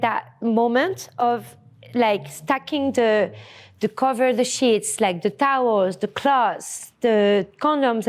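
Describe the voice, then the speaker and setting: Frank French-accented woman telling a story. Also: fairly high pitch. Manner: frank and profane, laughs often, drops to hushed asides. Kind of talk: candid personal storytelling.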